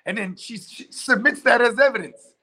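A man's voice: extremely high pitch, normal speed, bright, forceful tone. A man hosting a casual chat, telling a long story loosely with lots of fillers and swearing. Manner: rambling storyteller, heavy filler and profanity.

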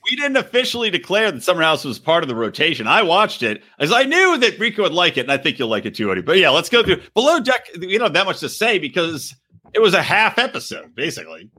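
A man's voice: sits high, sing-song, quick pace, pushed and bright, slightly rough. A young man co-hosting a podcast, chatting casually, joking and laughing often. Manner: joking, laughs often, does silly voices. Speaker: podcast co-host. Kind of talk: casual chat.

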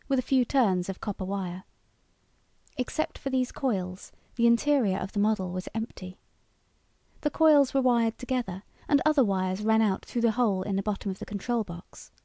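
Woman narrator reading a story, even and steady, dark dry tone. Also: medium pitch, vocal fry, dry recording. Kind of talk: scripted narration.

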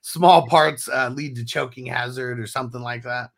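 A man's voice: medium pitch, steady tone, normal speed, creaky. A man hosting a casual morning podcast chat, rambling, swearing and laughing often. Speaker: show host.

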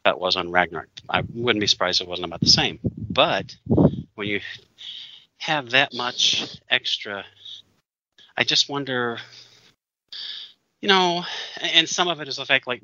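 A man's voice: lowish voice, pushed and bright, no echo. A man co-hosting a casual chat, opinionated and rambling as he reviews a film, laughing often. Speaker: podcast co-host. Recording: dull dry lo-fi sound.

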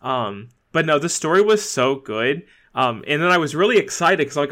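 A chatty man co-hosting a podcast, his voice bright and forward. He talks loosely, full of fillers and restarts, and laughs easily as he goes. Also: a little high, animated, normal speed. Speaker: podcast co-host. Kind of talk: casual chat.

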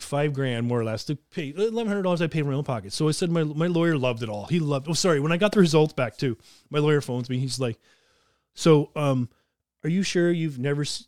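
Profane, animated man telling a story. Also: fairly high pitch, no room sound, studio quality. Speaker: podcast host. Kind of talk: casual podcast chat.

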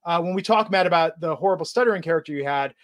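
A man's voice: a little high, rapid-fire, a bit bright. A man hosting a casual podcast chat, talking with a sarcastic, mocking manner. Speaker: podcast host.

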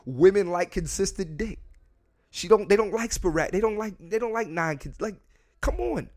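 Man, podcast host, casual solo rant, profane and blunt, repeats himself, pitch jumps around a lot. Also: expressive, normal speed, darkish tone. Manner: profane, blunt, talks straight to the listeners; repeats words and restarts often. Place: home room near a window.

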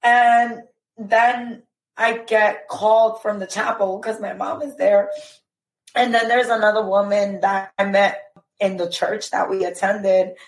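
A woman telling a painful personal story as a podcast guest, emotional and halting, with many fillers. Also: medium pitch, level tone, echoey room, low-quality recording.

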